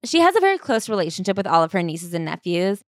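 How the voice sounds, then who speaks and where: A woman's voice: fairly low pitch, very animated, fast talker, dry recording, clean studio sound. A woman co-hosting a casual book-review chat, talking in a loose, chatty way with lots of "like". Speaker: podcast co-host.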